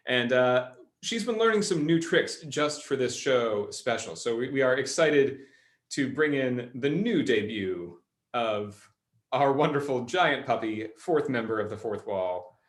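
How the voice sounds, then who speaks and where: A man's voice: medium pitch, expressive, unhurried. An upbeat man hosting a live virtual show over a video call, introducing acts and giving cues. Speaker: performer and host. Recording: echoey room with music behind.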